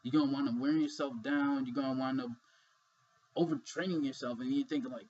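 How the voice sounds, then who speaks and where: A man with a husky voice talks straight to the camera in a loose, rambling monologue, swearing casually as he goes. The audio is dull and lo-fi, like a cheap webcam mic. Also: medium pitch, fairly even intonation, fairly quick, darkish tone.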